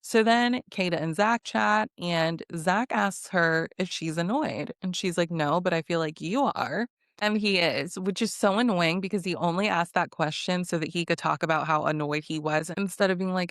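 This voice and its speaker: A woman talks through a reality show episode in a loose, gossipy way, throwing in sarcastic asides and acting out the contestants' lines. Her voice has a gravelly, fry-filled texture. The recording is close and dry. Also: lowish voice, moderate pace, no room sound. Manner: snarky, chatty, acts out quotes. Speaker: recap vlogger. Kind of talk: casual recap commentary.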